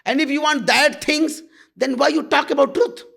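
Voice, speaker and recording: A man teaches at a satsang in a high voice with a gravelly edge. He talks bluntly but tenderly to his listeners. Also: steady tone, normal speed, sharp tone. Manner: blunt and intimate, calling listeners "my love". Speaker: spiritual teacher. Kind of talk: satsang talk.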